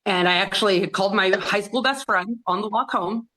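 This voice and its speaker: A woman guest on an interview podcast, retelling a painful memory in an earnest, halting way and acting out other people's words as she goes. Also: mid-range voice, bright, forceful tone, a little hiss or hum. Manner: acts out others' words in quoted dialogue. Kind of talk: personal storytelling in an interview.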